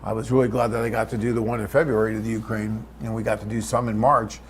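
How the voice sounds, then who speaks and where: A man's voice: fairly low pitch, little pitch movement, fast, a little hiss or hum. A man hosting a live webcast, reading out viewer questions and answering them in a chatty, off-the-cuff way.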